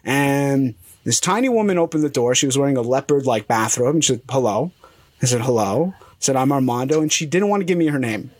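Animated young man telling a story. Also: mid-range voice, quick pace, no echo. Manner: animated, swearing, acts out quotes. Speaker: storyteller guest. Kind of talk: casual storytelling chat.

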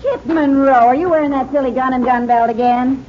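A woman's voice: high voice, brisk, slight background noise, close to an everyday voice. An actress playing a firm, protective middle-aged ranch mother with a folksy western drawl, in a 1950s radio drama. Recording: dull lo-fi old radio broadcast.

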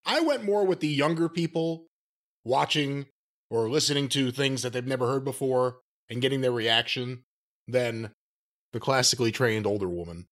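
A man's voice: medium pitch, moderate pace, a bit bright. A man co-hosting a podcast, teasing his partner dryly as the straight man. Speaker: podcast co-host. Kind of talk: casual chat, reading ratings.

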